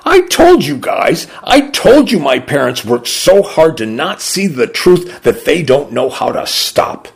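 A man's voice: mid-range voice, a little slow, gravelly, few pauses, husky, full character voice. A man voicing a defiant teenage boy who mocks his parents in a raised, taunting tone.

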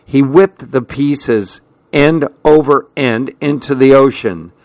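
A man narrates a story in an unhurried, measured way. His voice sits at a middle pitch, and the recording is dry and close. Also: a little mellow, no echo. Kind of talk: audiobook narration.

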